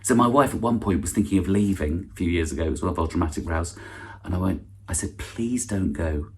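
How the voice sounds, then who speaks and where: A middle-aged man with a low, deep voice delivers a chatty, self-deprecating stand-up routine as an awards host. He talks in a dry, rambling way, full of restarts and asides. There is a faint hiss of background noise behind him. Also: quick pace, darkish tone. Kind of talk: stand-up comedy monologue.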